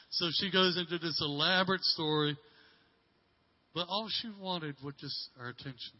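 A middle-aged man preaches in a slightly high voice, telling a story with halting restarts and repeated words. He swings from loud emphasis to a hushed near-whisper. The sermon recording sounds dull and lo-fi. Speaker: pastor.

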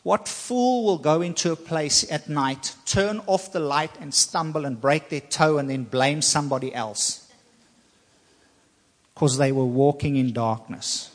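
A man preaching a sermon, speaking with slow emphasis and repeating phrases to drive points home. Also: mid-range voice, big-room sound.

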